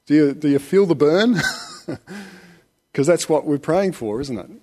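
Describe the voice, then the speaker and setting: Chatty preacher man, slightly high voice. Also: a little slow. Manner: relaxed, chatty preaching with chuckles and rhetorical questions. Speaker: pastor. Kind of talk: conversational sermon.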